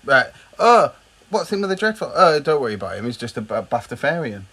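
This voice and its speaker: A man with a British accent, co-hosting a podcast with crude, deadpan joking banter. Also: mid-range voice, a little fast, breathy edge. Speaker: podcast co-host. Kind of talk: casual podcast chat.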